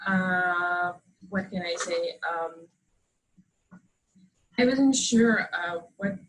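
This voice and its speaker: A woman's voice: lowish voice, fairly bright tone, poor audio. A French woman, a native French speaker with a strong French accent, giving a hesitant but wry talk to an audience as an author. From France. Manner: hesitant, many pauses, wry humor. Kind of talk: informal speech to an audience. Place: event hall with live audience.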